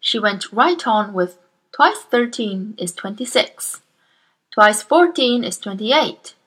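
A woman reading a children's novel aloud in a slow, careful storytelling manner. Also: medium pitch, animated, a bit bright. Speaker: storybook reader.

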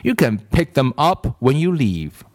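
A man's voice: mid-range voice, big pitch swings, measured pace, darkish tone. A man voicing a prim, fussy female schoolteacher in a storybook reading, in a raised, sugary teacher tone.

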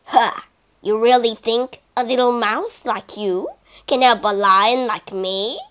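A woman's voice: high-pitched, big pitch swings, measured pace, bright, forceful tone, voice pushed up, heavily acted. A woman voicing a proud, boastful male lion who sneers and blusters in a storybook reading. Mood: gruff.

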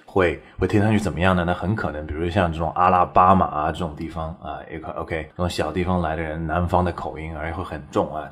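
A man's voice: deep voice, steady tone, fast, few pauses, fairly bright tone, breathy edge. A man teaching English in a casual, chatty way, constantly checking in with the listener. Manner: chatty, keeps tagging "right?" and laughing. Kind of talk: casual explanatory lesson.

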